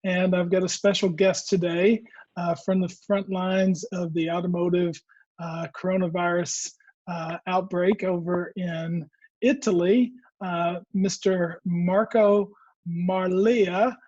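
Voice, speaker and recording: A man's voice: high voice, fairly even intonation, takes it slowly, darkish tone, no echo. A man hosting an interview, introducing his guest and asking questions with many hesitant fillers. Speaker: interview host. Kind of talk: remote interview. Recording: dull, dry, lo-fi sound.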